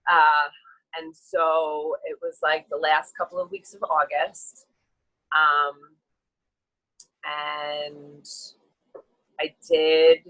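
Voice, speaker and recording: A woman's voice: deep voice, poor audio. A woman guest candidly telling a long personal story, frank and emotional, acting out the people she quotes. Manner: animated, acts out quoted people in shifting voices; frank and emotional, rambling with fillers.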